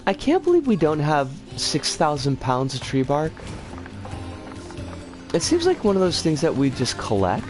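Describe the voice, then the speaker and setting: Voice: huge pitch swings, normal speed, over music. A game streamer chatting casually over gameplay and greeting viewers by name. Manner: chatty, greets viewers warmly, swings pitch a lot. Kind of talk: casual live game commentary.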